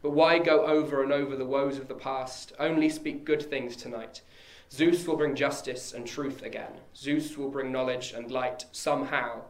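A man giving a measured, solemn dramatic verse reading. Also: medium pitch. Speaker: reader. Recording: echoey room.

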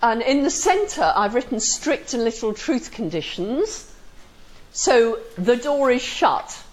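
A woman's voice: on the high side, lively intonation, takes it slowly, low-quality recording. A woman lecturing a class, constantly checking that students follow and acting out example sentences with dry humor. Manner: questioning, asks the class for agreement.

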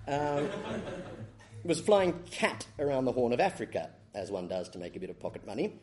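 Middle-aged man, academic lecturer, deep but animated delivery, dry humour. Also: fast talker, crowd noise. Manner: dry wit, self-correcting, chuckles at his own stories. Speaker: law lecturer.

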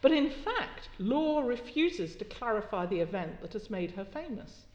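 A woman's voice: mid-range voice, sing-song, normal speed, a little mellow, muffled recording. A woman giving an academic keynote lecture, with a wry, conversational delivery and occasional fillers. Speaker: keynote speaker. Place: lecture hall. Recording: echoey lecture hall.

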